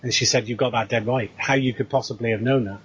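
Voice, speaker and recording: A man's voice: medium pitch, fast talker, highs cut off, a little hiss or hum. A British man casually retelling a story, acting out the dialogue as he goes. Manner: animated retelling with quoted dialogue. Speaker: co-host.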